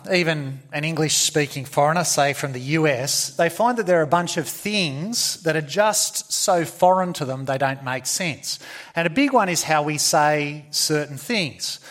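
A man's voice: on the high side, fairly bright tone. A man with an Australian accent preaching a sermon, earnest and emphatic, with many restarts and fillers.

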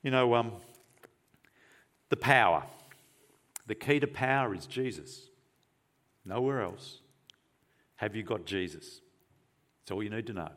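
A man's voice: on the low side, animated, a little slow, long pauses. Earnest male preacher delivering a sermon. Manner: earnest and emphatic, asks rhetorical questions, shifts between forceful and hushed.

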